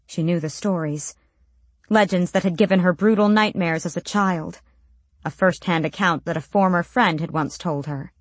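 Low-voiced woman narrating a story. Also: no room sound. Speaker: audiobook narrator. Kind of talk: scripted narration.

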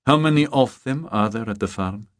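A man's voice: mid-range voice, moderate pace, dry recording, studio quality, close to an everyday voice. A man reading the lines of a terse, tense gunman in an audiobook. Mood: menacing. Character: tense armed hitman, terse and menacing.

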